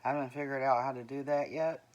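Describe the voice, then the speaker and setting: A woman's voice: very deep voice, steady tone, fast, a little mellow, muffled recording. A woman in her forties, an author giving a rambling, earnest vlog update about her books, full of ums and restarts. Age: 40s. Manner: earnest, plain-spoken.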